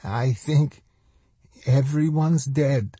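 A frightened older woman murmurs her lines in a hushed, husky voice, as a male narrator puts her on. She sounds set high above his own register, close and dry. It is a storybook reading. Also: drawn-out words, no room sound. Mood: hushed dread. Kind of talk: audiobook character voice.

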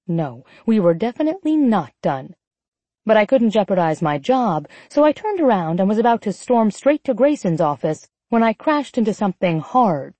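A woman narrating a first-person romance audiobook in an expressive, sardonic inner voice, also voicing the heroine's lines. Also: mid-range voice, moderate pace, no room sound.

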